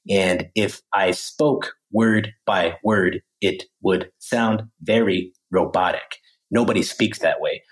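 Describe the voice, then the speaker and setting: Brief: man, low voice, podcast guest, lively demonstrative explainer. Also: poor audio. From Pennsylvania, USA. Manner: animated, acts out phrases in other voices. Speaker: podcast guest, language teacher. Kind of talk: casual interview talk.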